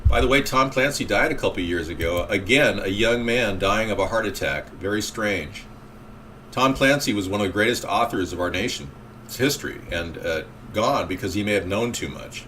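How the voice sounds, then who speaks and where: A man's voice: on the low side, expressive, normal speed, fairly bright tone. Male talk host, rambling call-in chat, faint hiss behind. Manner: rambling, reacting to callers and chat.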